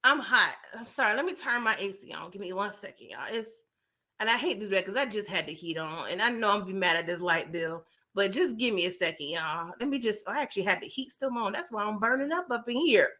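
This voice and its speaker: A woman at home giving an animated, profane recap of a TV episode to her viewers. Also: mid-range voice, fast. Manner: animated, expressive, frequently cursing. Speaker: TV show recap YouTuber. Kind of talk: casual episode review rant.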